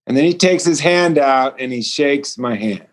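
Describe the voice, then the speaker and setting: Over a remote call connection, a man who writes and speaks publicly shares a personal story as a guest. He is earnest and animated, voices the dialogue he quotes, and talks at normal speed in a mid-range voice.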